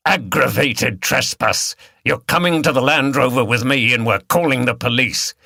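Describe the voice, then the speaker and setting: A man playing a burly, bearded countryman beater who speaks gruffly and threateningly. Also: medium pitch, normal speed, pushed and bright, dry recording, studio quality. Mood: menacing.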